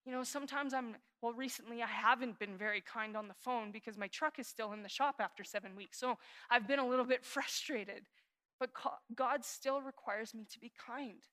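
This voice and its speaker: A woman pastor in her thirties preaching with a fairly high voice. She is earnest and confessional, sinking into hushed prayers and then rising into animated emphasis. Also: normal speed. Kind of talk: sermon.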